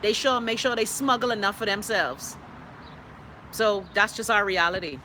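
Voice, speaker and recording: A woman's voice: mid-range voice, moderate pace, bright, forceful tone, slight background noise. A middle-aged woman with a Bahamian accent hosting a live stream, reading viewer comments and giving her blunt, profane opinions. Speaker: host.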